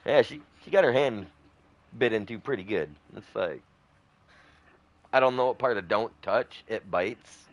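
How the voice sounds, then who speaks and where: A man's voice: on the low side, animated, takes it slowly, pauses often. A man chatting casually over a farming game, rambling through a long story with many fillers and restarts. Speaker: gaming streamer. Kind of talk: casual gameplay chat.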